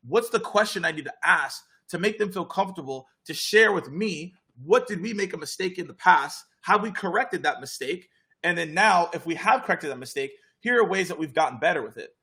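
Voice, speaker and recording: A young man, hosting a casual live Q&A and coaching viewers on sales calls in an energetic, direct way. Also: sits high, husky.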